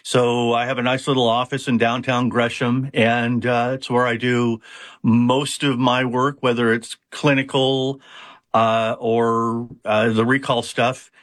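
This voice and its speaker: A man's voice: mid-range voice, level tone, a little slow, fairly bright tone, dry recording, studio quality. A man who runs a hypnosis practice, explaining his methods in an interview with frequent fillers and restarts. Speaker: hypnotist, founder of a hypnosis center. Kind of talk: conversational interview answers.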